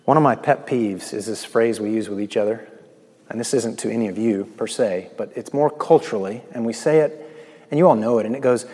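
A man preaching a sermon, swinging between loud proclaiming and quiet, hushed asides. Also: medium pitch, brisk, husky. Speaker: pastor. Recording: long hall reverb.

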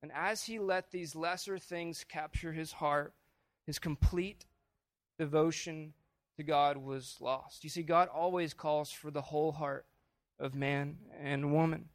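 A man preaching with a high, ringing voice, earnest and swelling in volume to drive home key lines. He is recorded close and dry, with no room around him. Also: steady tone, unhurried, dry recording. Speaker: pastor. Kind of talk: sermon.

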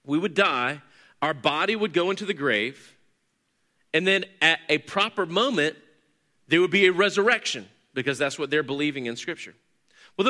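A man delivering a teaching sermon, his voice bright and a little high. He explains earnestly and steadily, building up emphasis when he reaches the key points. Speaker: pastor or teacher.

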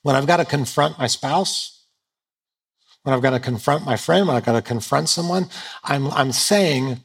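Standing on a stage in front of a live crowd, this pastor speaks at normal speed in a medium-pitched voice that's gravelly and husky. He keeps the sermon light and chatty, poking fun at himself along the way.

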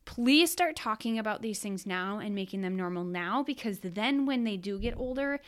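A woman in her thirties hosts a podcast as a mother, speaking at a normal pace in a mid-range voice with lively intonation. Her monologue is frank, casual, and rambling, with frequent self-corrections.

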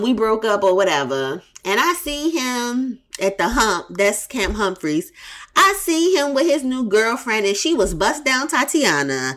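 A woman hosting a podcast talks through casual advice with a blunt, profane edge. Her pitch swings widely as she hammers her points home. She repeats lines for emphasis in a conversational flow. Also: fairly bright tone. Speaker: podcast host.

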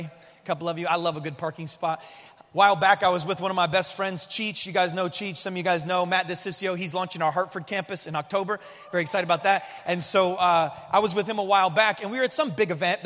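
A male pastor with a fairly high voice delivers a sermon that moves between hushed prayer and animated storytelling. His words ring out with a long reverb from the church hall around him. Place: church auditorium.

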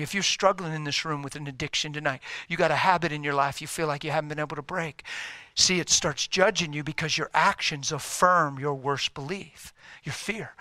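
A middle-aged man preaching a sermon, telling a story and swinging from loud, emphatic lines to hushed whispers. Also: fairly high pitch, no echo, studio quality.

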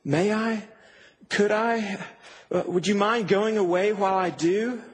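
A man's voice: high voice, a little slow, husky. A man voicing a frightened, thirsty young girl from a storybook, timid and pleading, in a reverberant hall. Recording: reverberant hall, faint background hum.

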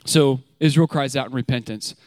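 A man's voice: mid-range voice, moderate pace, dry recording, studio quality. A man giving a short sermon to a congregation, casual and candid, with frequent fillers and rhetorical questions, growing emphatic as he tells the story. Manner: grows emphatic and animated when telling the story.

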